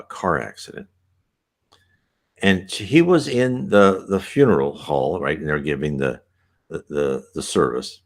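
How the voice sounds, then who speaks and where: A man with a low voice reads aloud and often stops to explain in a loose, conversational way. His pitch swings widely, giving the talk an animated feel. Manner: conversational asides, many restarts. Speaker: teacher reading a book aloud. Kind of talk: reading with commentary.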